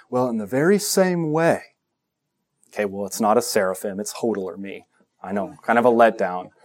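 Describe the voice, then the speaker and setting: A male pastor preaching a sermon, animated, with joking asides and acted-out quotes. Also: mid-range voice.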